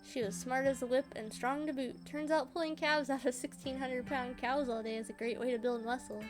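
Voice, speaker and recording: A woman's voice: high-pitched, steady tone, a little fast, natural voice. A woman voicing a friendly young woman who lives alone with her old dog, speaking in a cheerful, folksy, matter-of-fact way. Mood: fond. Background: game music.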